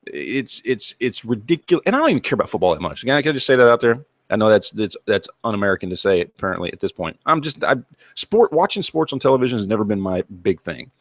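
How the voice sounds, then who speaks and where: A man's voice: lowish voice, big pitch swings, quick pace, dry recording, studio quality. A man hosting his own channel, delivering a heated, profane rant to camera and repeating himself as he goes. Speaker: channel host.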